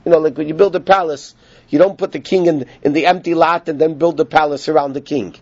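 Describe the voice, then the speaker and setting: A man teaching a Torah class, telling stories with animated emphasis and peppering his talk with Hebrew learning terms. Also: on the high side, fast talker, dry recording, highs cut off. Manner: animated storytelling, rising with emphasis, Yiddish-inflected learning terms. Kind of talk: Torah lecture.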